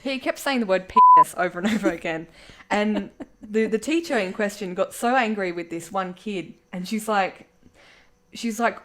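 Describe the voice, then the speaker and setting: A young woman, co-hosting a casual chat and recalling school days in a relaxed, giggly way. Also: mid-range voice, moderate pace, a little hiss or hum. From Australia. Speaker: podcast co-host.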